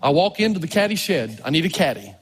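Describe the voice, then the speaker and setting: A male pastor preaching a storytelling sermon, animated, swinging from low murmurs to loud exclamations, with a husky voice. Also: fast, slight background noise. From Tennessee. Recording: long reverb of a large hall.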